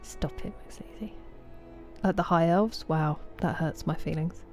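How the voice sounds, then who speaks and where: Brief: woman streamer, Estuary English accent, mellow and low-ish, chatty with chat, soft game music behind. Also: measured pace. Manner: chatty, answers chat messages by name. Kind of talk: casual live-stream chat with viewers.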